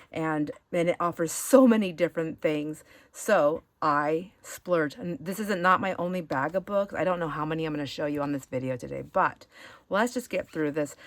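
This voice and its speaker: A woman's voice: on the low side, dry recording. A woman hosting a casual show-and-share of thrift finds, chatty and rambling, easily sidetracked. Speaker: craft channel host.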